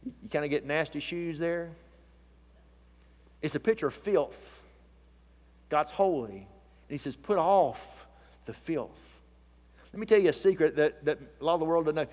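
Guy preaching a sermon, kinda high voice, big hall echo, gets loud on the repeated names. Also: normal speed, lo-fi sound. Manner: preaching with rising emphatic calls, repeating names.

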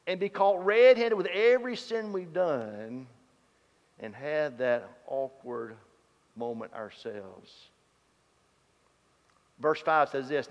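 A man preaching a sermon, telling stories and swinging from loud to hushed. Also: fairly high pitch. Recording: dull sound in a reverberant hall.

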